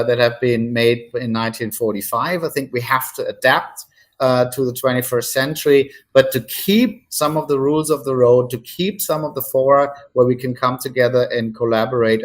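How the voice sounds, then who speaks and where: Measured male policy expert. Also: medium pitch, fairly even intonation. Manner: measured, many "uh" fillers between phrases. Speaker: think-tank guest. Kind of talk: expert commentary.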